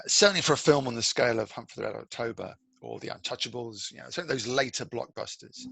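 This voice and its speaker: Male critic, bright and forceful tone, dry close sound, lively and digressive. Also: mid-range voice, gravelly, husky, no echo, low-quality recording. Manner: animated, digressive, many restarts. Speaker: film journalist and critic, guest. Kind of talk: podcast interview.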